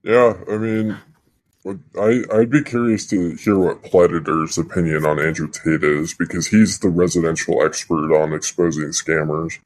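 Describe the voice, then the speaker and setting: A man's voice: deep voice, level tone, moderate pace. A man co-hosting a podcast in casual chat, opinionated and full of filler phrases. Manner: opinionated, lots of "you know" fillers. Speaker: podcast co-host.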